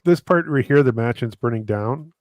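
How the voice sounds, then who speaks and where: A man's voice: medium pitch, lively intonation, moderate pace, darkish tone, no room sound. A man chatting casually about a film, often stalling on fillers as he hunts for words. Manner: hesitant, many fillers. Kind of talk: casual movie-watch commentary.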